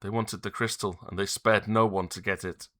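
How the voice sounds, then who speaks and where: A man voicing a young grieving male prince who speaks softly and pleadingly, reading game dialogue aloud. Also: fairly low pitch, fairly even intonation, moderate pace. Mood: sorrowful. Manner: soft and pleading.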